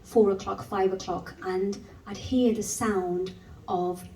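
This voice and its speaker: Woman, from Wolverhampton, spoken word poet, rhythmic stage delivery, chatty, mellow voice, roomy distant live recording. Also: mid-range voice, steady tone, slight background noise. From Wolverhampton, England. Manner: slow, rhythmic poetic delivery, then chatty and laughing between poems. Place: live performance venue. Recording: echoey room, mic picked up from some distance. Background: faint live music.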